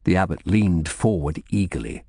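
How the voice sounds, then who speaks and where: A man narrating an audiobook in the first person, in a measured storytelling manner. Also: low voice, very animated, a little mellow, dry recording, studio quality.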